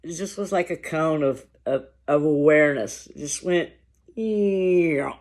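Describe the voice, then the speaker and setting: A man vlogging to camera over lunch, talking in a slow, reflective, halting way with long pauses. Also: fairly high pitch. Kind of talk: casual talk to camera while eating lunch.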